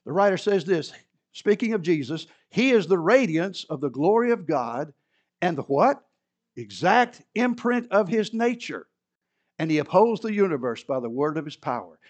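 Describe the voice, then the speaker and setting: A man preaching a sermon in a church, moving between loud emphatic repetition and low conversational asides. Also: animated, moderate pace. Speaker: pastor.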